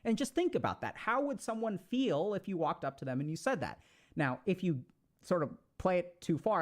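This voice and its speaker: A man giving casual advice to an audience, talking in an animated, conversational way and acting out little quoted exchanges. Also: fairly high pitch, moderate pace. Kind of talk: casual motivational talk.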